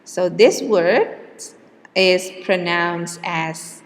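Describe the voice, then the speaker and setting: A woman lecturing on pronunciation at a slow, deliberate pace, stretching out example words to show where the stress falls. Her voice carries a long reverb, as if recorded in a large hall. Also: mid-range voice. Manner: slow and patient, repeats words with exaggerated stress. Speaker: English teacher.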